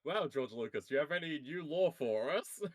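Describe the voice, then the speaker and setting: Joking man with a lively voice. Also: fairly high pitch, brisk. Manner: joking, laughs often. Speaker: streamer guest. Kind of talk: casual chat.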